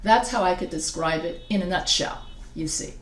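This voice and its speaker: A woman's voice: on the low side, normal speed. A woman teaching writing in a casual recorded lecture, chatty and digressive, often restarting her sentences. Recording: echoey room sound.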